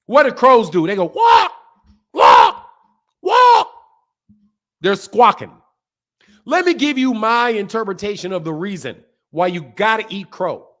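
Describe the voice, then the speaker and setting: A man hosting a boxing channel stream, giving heated, mocking commentary with drawn-out emphasis. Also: sits high, animated, fairly bright tone.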